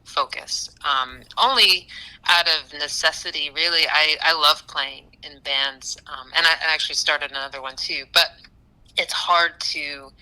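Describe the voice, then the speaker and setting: A woman musician chatting casually in an interview, animated, with frequent laughs and fillers. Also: sits low, measured pace, rough recording. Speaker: musician guest.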